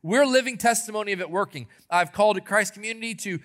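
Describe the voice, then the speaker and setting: A man preaching a sermon as a pastor, retelling scripture stories with earnest emphasis and dramatic pauses. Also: sits high, fairly bright tone.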